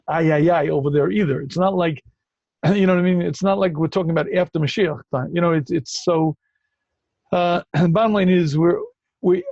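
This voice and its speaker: A man with a high-set voice hosts a call-in Q&A as a rabbi. He talks emphatically and keeps cutting in with repeated phrases. The audio is dry and dull. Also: darkish tone, no room sound. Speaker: rabbi answering callers. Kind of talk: call-in Q&A talk.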